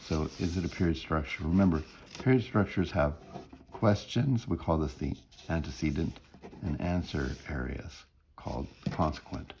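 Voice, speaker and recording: A very deep-voiced man with a gravelly edge talks students through a music theory lesson. He works step by step, hums short melody fragments and keeps checking in with "right?". His tone is dark and mellow, and faint noise sits under the recording. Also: normal speed. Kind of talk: recorded lecture walkthrough.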